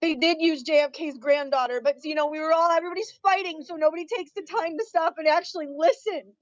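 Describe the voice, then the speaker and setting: A woman's voice: very high-pitched, quick pace, dry recording. Crying, furious woman ranting on stream. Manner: furious, profane, repeating herself. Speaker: livestreamer. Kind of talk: angry livestream rant. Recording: dull lo-fi stream audio.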